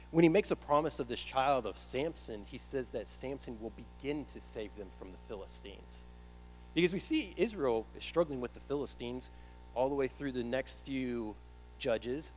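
Young male preacher, animated storyteller with a wide-ranging voice, faint hum in the recording. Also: medium pitch, low-quality recording. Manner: animated storytelling, acts out his own panic. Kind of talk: sermon with personal story.

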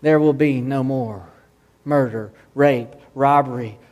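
A man's voice: mid-range voice, slow, darkish tone. A man preaching a sermon as pastor, earnest and emphatic, often restarting his words.

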